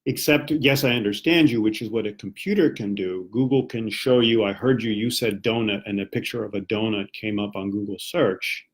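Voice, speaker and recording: American English teacher on a live stream, low husky voice, easygoing and encouraging. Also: male voice, moderate pace, hardly any pauses. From United States. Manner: casual, encouraging, talks while reading comments. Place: home, Japan.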